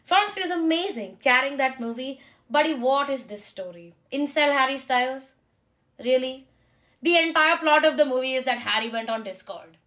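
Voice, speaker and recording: A young woman hosting a casual pop-culture podcast, talking in an animated, sarcastic way with quick asides. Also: sits high. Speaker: podcast host.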